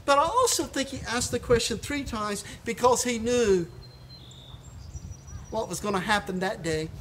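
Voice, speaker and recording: An impassioned pastor preaching a sermon recorded for a church live stream. The delivery is emphatic, swinging between stirring highs and hushed, reverent lows, and the words often stumble into repeats. A faint hiss sits under the voice. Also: normal speed.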